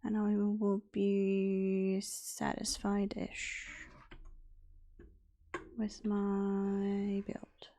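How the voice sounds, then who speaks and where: A woman's voice: medium pitch, monotone, drawn-out words, pauses often, warm tone, dry recording, clean studio sound. A young adult woman streaming a game, chatting casually, muttering to herself and scolding the game's animals. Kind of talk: casual gameplay chat.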